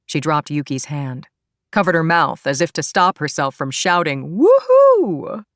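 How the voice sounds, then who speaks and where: A woman narrating an audiobook in a calm, even storytelling manner. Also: sits low, normal speed, no room sound, studio quality. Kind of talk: scripted narration.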